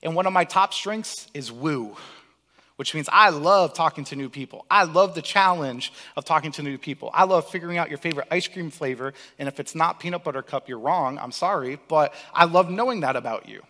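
A young man from Cape Cod preaching a sermon as pastor, telling lively stories and acting out the lines he quotes. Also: a little high, brisk. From Cape Cod, Massachusetts. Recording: long hall reverb.

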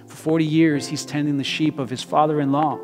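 A young man preaching an impassioned sermon, dropping to a hush and then building to loud emphasis. His voice sits slightly high for a man. The sound carries a long church-hall reverb with faint guitar underneath. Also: steady tone, brisk. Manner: impassioned, swings from hushed to loud. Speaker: pastor.

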